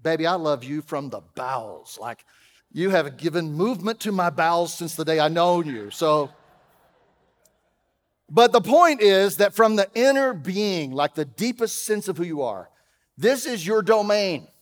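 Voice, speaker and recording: Pastor guy preaching, kinda high voice, chatty with jokes, big church echo. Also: lively intonation, unhurried. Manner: conversational preaching, swings from loud emphasis to quiet; humorous asides. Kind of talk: sermon. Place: church auditorium.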